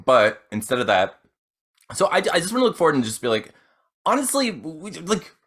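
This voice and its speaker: A man's voice: a little high, very animated, normal speed, a bit bright. A man playing a tabletop game, rambling with fillers and frequent laughs. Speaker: player. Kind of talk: casual tabletop role-play.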